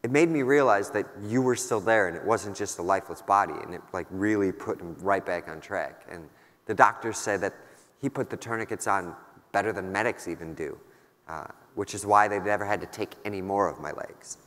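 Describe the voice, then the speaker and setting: This keynote speaker, a man in his thirties, talks briskly in a low, somewhat bright voice. In a large conference hall with long hall reverb, he recounts a personal war story in a candid, casual, wry manner full of fillers.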